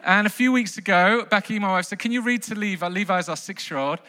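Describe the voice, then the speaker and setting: A man preaching a lively sermon to a congregation, telling a children's story with big bursts of mock outrage. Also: high voice, fast talker. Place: large hall with long reverb. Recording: live sermon in a reverberant hall.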